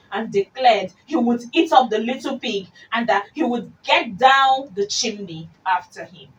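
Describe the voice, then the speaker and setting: A woman hosting a children's radio show, reading stories aloud in an expressive, slow, animated way. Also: a little high, dull audio. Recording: distant mic with faint hiss.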